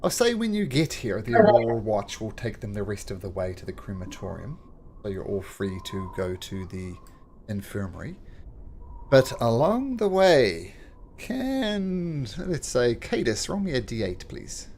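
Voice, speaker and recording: A man narrating a tabletop game as game master, halting with fillers. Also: mid-range voice, wildly swooping pitch, darkish tone, a little hiss or hum. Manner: halting, with many fillers and restarts.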